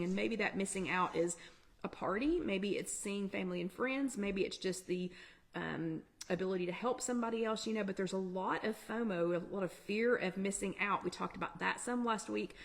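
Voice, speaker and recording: Fast-talking, chatty woman host. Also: mid-range voice, gravelly. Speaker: workshop host. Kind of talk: casual live-stream chat.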